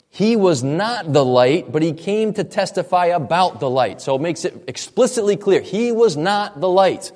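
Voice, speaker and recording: A man's voice: a little high, darkish tone, big-room sound. A man preaching a sermon, earnest and expository, often repeating points for emphasis. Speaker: pastor.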